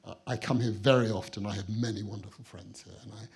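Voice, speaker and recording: A man's voice: lowish voice, fairly even intonation, quick pace, gravelly, a little mellow, slightly rough. A British man giving a guest speech at a museum exhibition opening, telling an anecdote with wry, dry understatement. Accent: British English. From Britain. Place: museum building, speaking to an audience.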